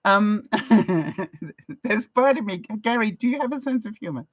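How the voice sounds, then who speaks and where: An older English woman with a chatty, laughing way of talking as she answers viewers on a live stream. Her voice sits at an ordinary middle pitch for a woman. It is recorded dry and close, with no room echo. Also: expressive, a little slow. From England. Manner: chatty, laughs often, reads viewer comments aloud. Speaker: vlogger. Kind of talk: casual live-stream chat.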